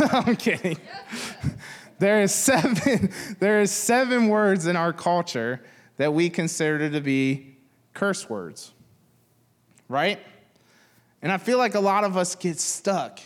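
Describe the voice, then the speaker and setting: A man's voice: sits high, big-room sound. A man in his thirties preaching a sermon, talking casually and joking with the congregation. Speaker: pastor.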